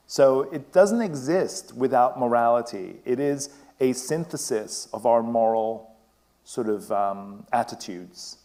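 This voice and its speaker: A man's voice: medium pitch, darkish tone. A man with a British and West Indian accent giving a discursive public talk, restarting phrases and laughing often. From Britain. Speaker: guest speaker. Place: event stage before an audience.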